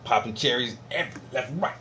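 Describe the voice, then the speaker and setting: An American video commentator reacts to a podcast clip with a casual, profane rant, mocking it and laughing often. His mid-range voice is bright and forceful, he talks fast, and there's slight background noise.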